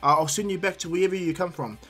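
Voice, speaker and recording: A man's voice: high-pitched, racing, fairly bright tone, soft background music, voice pushed up. A man voicing a nervous, eager young boy ninja who stammers and apologizes.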